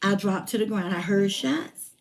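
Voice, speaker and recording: A woman in her forties telling a personal story in a lively, colloquial way, repeating phrases for emphasis. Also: medium pitch, normal speed, gravelly. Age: 40s. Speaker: motivational speaker.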